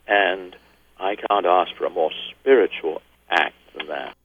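A man's voice: sits low, a little slow, breathy edge, narrow, tinny audio. An older man, a retired children's doctor, earnestly recalling a patient and reading his own poem aloud. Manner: reflective, earnest storytelling. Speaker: retired pediatric oncologist. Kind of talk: personal recollection and poetry reading.

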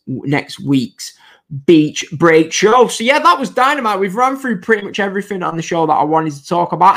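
A young man hosting a wrestling podcast on his own, rambling and chatty, a bit out of breath. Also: on the high side. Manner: rambling, chatty, self-deprecating. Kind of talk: solo podcast chat.

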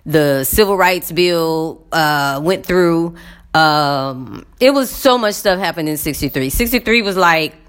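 A woman's voice: low-pitched, lively intonation, slow pace, smooth. A woman vlogger casually recounting a visit, rambling and talking straight to her viewers with frequent fillers.

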